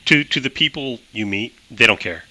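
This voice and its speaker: A man's voice: mid-range voice, animated, normal speed, bright, forceful tone, low-quality recording. A man narrating as game master of a tabletop game, chatty, laughing often and using many fillers.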